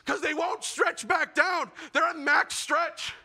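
A young man performing a self-mocking stand-up comedy set, building to shouted punchlines. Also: very high-pitched, fairly even intonation, slow pace. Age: young adult.

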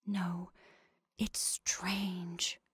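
A woman voicing a nervous, timid sheriff's wife who speaks in a hushed, shrinking whisper. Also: medium pitch, steady tone, unhurried, breathy edge, long reverb tail. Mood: hushed, uneasy. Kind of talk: reading a short story aloud.

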